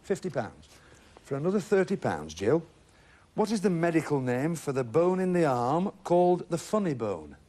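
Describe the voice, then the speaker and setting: A man's voice: a little high, very animated, normal speed, warm tone. A middle-aged man hosting a TV game show in a studio, jovial and teasing, chatting with contestants. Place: TV studio with audience.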